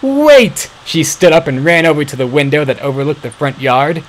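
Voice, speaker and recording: A man's voice: medium pitch, fairly even intonation, brisk, poor audio. A man reading a fan story aloud, stumbling and correcting himself now and then. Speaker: fan-fiction reader.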